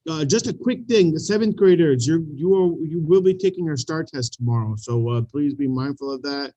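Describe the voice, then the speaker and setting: A man's voice: fairly high pitch, expressive, normal speed, hardly any pauses, warm tone, dry recording, muffled recording. Hesitant man on a dry video call. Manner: hesitant, full of ums and uhs. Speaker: school staff member.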